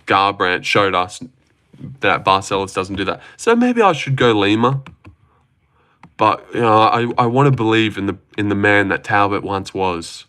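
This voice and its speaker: A man chatting loosely on a livestream, his voice set low yet bright and forward. He rambles, swears freely and answers viewers' comments in a loose, offhand way. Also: animated, moderate pace, smooth. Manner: rambling, profane, reads out and answers chat. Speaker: livestream host reacting to fights. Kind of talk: casual livestream chat.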